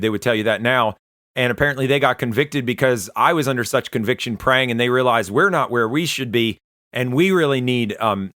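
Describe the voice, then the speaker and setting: A man recounts his own testimony in an earnest, conversational way, stopping and restarting as he goes. His voice is bright and forceful. The recording is dry, with no room sound. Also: medium pitch, no echo. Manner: earnest, conversational, halting retelling. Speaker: Christian testimony speaker. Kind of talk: personal testimony storytelling.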